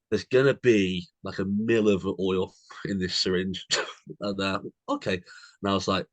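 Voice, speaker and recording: Here is a young man with a fairly low voice, talking loosely on a podcast. He tells stories and drops "mate" into almost every sentence. The sound is close and dry, with no room around it. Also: brisk, no echo. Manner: chatty, says mate constantly, tells anecdotes. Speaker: podcast co-host. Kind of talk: casual chat.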